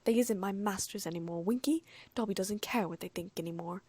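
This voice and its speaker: A woman's voice: medium pitch, brisk, dark tone, slightly rough, no room sound, lightly acted. Woman putting on an eager male house elf. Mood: earnest. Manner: broken grammar, earnest and polite.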